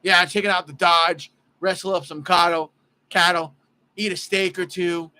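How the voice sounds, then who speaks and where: A man's voice: high voice, fairly even intonation, normal speed, pushed and bright. A man doing a rugged country cowboy type. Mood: swaggering.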